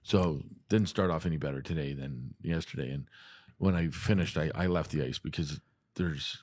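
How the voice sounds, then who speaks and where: A man's voice: extremely low pitch, moderate pace, darkish tone, breathy edge. A man, a hockey coach, chatting casually and telling funny stories, often breaking into laughter. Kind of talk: casual chat.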